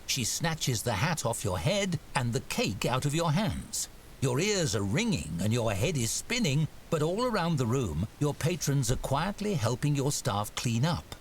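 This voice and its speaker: A man's voice: mid-range voice, sing-song, measured pace, a little hiss or hum. A man giving scripted narration for a story game in a dry storybook manner.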